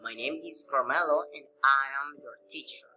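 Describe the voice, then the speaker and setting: A man teaching a recorded English pronunciation lesson, reading slowly with non-native phrasing. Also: medium pitch, pushed and bright, low-quality recording.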